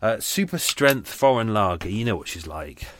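A podcast host talks to his listeners from a small room in his home on a boat, rambling casually and poking fun at himself. His voice is on the low side with big pitch swings at a moderate pace, and there's slight background noise.

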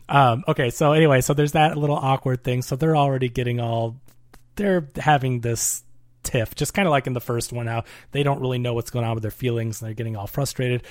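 A man in a casual movie podcast, walking through a plot in a loose, rambling way with many fillers. His voice sits at an ordinary middle pitch. The recording is dry and close, with no room sound. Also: brisk, no room sound. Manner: rambling recaps with lots of fillers. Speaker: podcast co-host.

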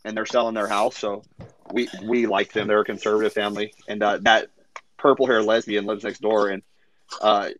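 A man's voice: lowish voice, little pitch movement, moderate pace, a bit bright, low-quality recording. A man in a casual online audio chat telling a sarcastic, profane story and acting out the other people's lines.

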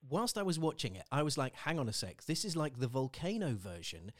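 A man's voice: medium pitch, very animated, fairly quick, crowd noise. A man hosting a radio interview, friendly and teasing, laughing often. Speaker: radio host. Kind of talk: casual interview chat.

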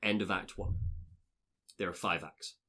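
A man's voice: deep voice, fairly even intonation, measured pace, bright, forceful tone. A man hosting a podcast, recapping a story in casual chat and swearing freely. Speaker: podcast host recapping game lore.

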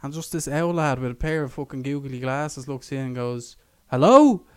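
Young Irish man, podcast co-host, chatty storyteller, swears freely, mid-pitched voice. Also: fairly even intonation, fairly quick, clear, resonant tone, dry recording. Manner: swearing, laughing, acts out quotes in a raised voice. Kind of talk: casual chat, storytelling.

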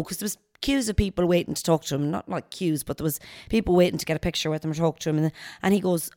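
Irish woman, lowish voice, dry close mic, lively anecdote with quoted voices. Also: fast, dry recording. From Ireland. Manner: animated retelling with quoted voices. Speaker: podcaster guest. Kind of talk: casual storytelling chat.

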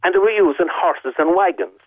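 Calling a radio program by telephone, this Irish-accented man recounts a lengthy tale in rich detail and keeps hammering his points home by repeating them. His voice is high, brisk and slightly rough, and the tinny phone line carries no room sound.

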